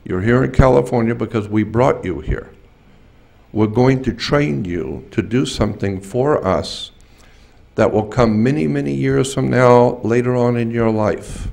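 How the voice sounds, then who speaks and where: An older man telling a personal story at a symposium, slowly and haltingly, often restarting his sentences. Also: medium pitch, gravelly, a little mellow. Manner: slow, halting, with repeated restarts. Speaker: speaker at a symposium. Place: conference hall.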